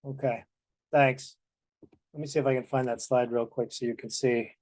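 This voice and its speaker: A man's voice: mid-range voice, fairly even intonation, normal speed, darkish tone, no room sound, poor audio. A man leading an online practice group over a video call, speaking in a friendly, practical, organizing way. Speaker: group facilitator.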